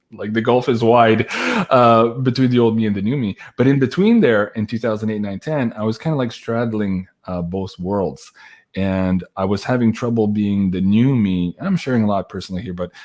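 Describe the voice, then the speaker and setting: A man telling a long personal story in a casual chat, animated, laughing and swearing now and then, with lots of "like" fillers. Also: on the low side, moderate pace. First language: French. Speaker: guest storyteller.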